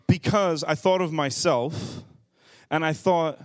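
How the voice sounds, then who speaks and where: A man in his thirties preaching a sermon as a pastor, telling family stories with animated swings in loudness. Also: on the high side, slow pace, dry recording, clean studio sound. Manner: storytelling, animated with rising shouts.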